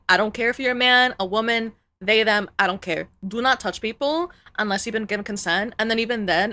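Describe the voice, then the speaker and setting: A woman's voice: fairly high pitch, sharp tone. A woman streamer in casual live-stream chat, ranting heatedly and swearing freely.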